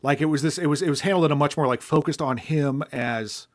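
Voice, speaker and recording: A podcast co-host with a slightly high voice talks at a quick pace in a casual film-review chat. He thinks aloud as he critiques the movie.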